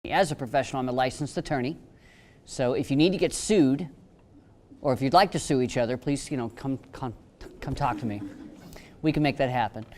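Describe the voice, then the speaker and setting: A man's voice: medium pitch, brisk, long pauses, a little mellow. A man speaking on a panel, telling wry stories and cracking jokes about his work. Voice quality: joking, storytelling. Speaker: panelist, attorney. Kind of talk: humorous panel talk.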